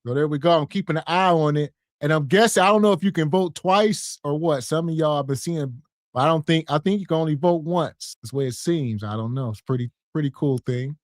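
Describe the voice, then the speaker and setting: A man co-hosting a podcast, animated and crude in his jokes. His voice is a little high and sounds dry and close. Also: brisk, no echo. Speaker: podcast co-host. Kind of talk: casual reaction commentary.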